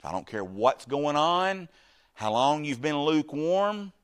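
A middle-aged man preaching a sermon, animated, shifting from loud bursts to quiet asides and acting out the voices in his story. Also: a little high, a little slow, clean tone. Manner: acts out quoted speech in the story.

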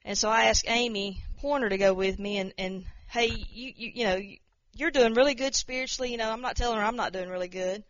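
A woman's voice: medium pitch, fairly even intonation, brisk, few pauses, a bit bright, dull audio. A woman giving an informal spoken testimony, rambling and repeating words, acting out the voices of people she quotes. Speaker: speaker sharing a testimony.

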